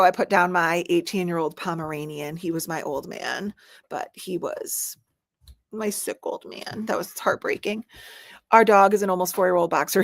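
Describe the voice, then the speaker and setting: A woman in her thirties hosting a casual live stream, chatty and animated with frequent laughs. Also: mid-range voice, no room sound, clean studio sound. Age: 30s. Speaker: livestream host.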